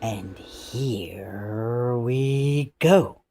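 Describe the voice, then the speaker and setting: A man's voice: mid-range voice, very slow, vocal fry, a crowd in the background. A man in a comic bit reading names from a mock naughty list and scolding each one in a mock-solemn, theatrical way. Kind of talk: comedic mock-formal announcement.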